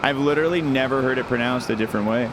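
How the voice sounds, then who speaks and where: A man streaming a video game, chatting casually and joking in animated little rants. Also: mid-range voice, rapid-fire, noisy background. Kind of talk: casual gameplay chat. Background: game music.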